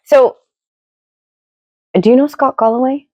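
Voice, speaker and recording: A middle-aged woman co-hosting a podcast, chatting in a rambling, opinionated way, with sudden jumps in pitch. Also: steady tone, measured pace, darkish tone, no room sound, highs cut off. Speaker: podcast co-host. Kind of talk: casual opinionated chat.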